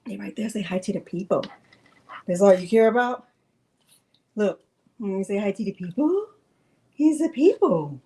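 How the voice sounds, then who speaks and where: A woman's voice: medium pitch, moderate pace, long pauses, dark tone, rough recording. A woman hosting a crafting livestream in casual, playful chat, greeting viewers by name and coaxing her pet in a teasing baby-talk voice. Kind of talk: casual live-stream chat.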